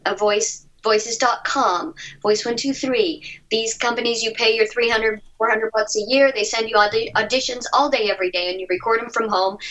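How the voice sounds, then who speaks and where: A woman's voice: fairly high pitch, sharp tone, highs cut off. A woman voice actress giving chatty, upbeat advice as an interview guest over a remote line. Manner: chatty, upbeat, quick asides. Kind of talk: casual interview answers.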